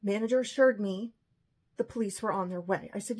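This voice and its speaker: A woman with a husky voice telling an emotional personal story, often quoting what others said. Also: medium pitch, fast, darkish tone.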